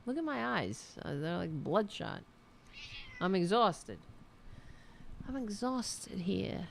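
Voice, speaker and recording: A woman's voice: mid-range voice, very animated, slow pace, gravelly, slight background noise. A woman hosting a casual livestream show at home, sardonic, profane and rambling. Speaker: show host.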